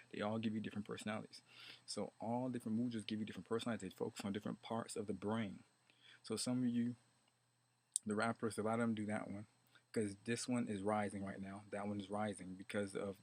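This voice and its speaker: A man's voice: fairly low pitch, a little mellow. A man talking about meditation in a rambling, repetitive way, now and then chanting mantras. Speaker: meditation teacher. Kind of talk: rambling casual monologue.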